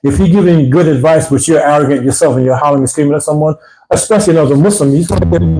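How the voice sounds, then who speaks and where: Mellow-voiced man giving a mosque talk. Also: fairly high pitch, rapid-fire, poor audio. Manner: conversational, rambling, animated when quoting. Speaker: religious teacher. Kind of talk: informal religious talk. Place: mosque gathering.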